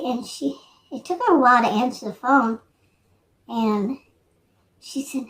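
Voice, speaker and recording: Rambling through casual chat on her vlog, a woman in her sixties wanders between thoughts, hesitating, restarting and using plenty of fillers. Her voice is fairly high and moves at a moderate pace.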